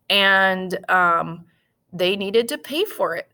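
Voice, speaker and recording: A woman teaching a history lesson in a casual, lively way, with jokes and acted-out asides. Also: fairly low pitch, takes it slowly. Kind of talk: casual classroom lecture.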